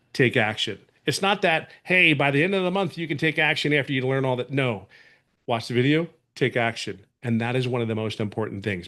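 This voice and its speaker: A man from California giving an earnest, rambling testimonial as a webinar guest, full of restarts. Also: mid-range voice.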